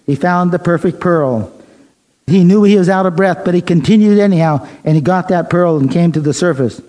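Male preacher, mellow and fairly high, measured sermon storytelling. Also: low-quality recording.

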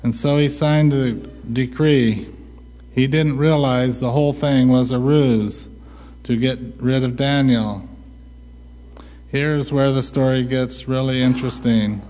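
A man preaching a sermon, asking rhetorical questions and answering them himself with a slow, deliberate delivery. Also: medium pitch, fairly even intonation, mellow. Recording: long hall reverb.

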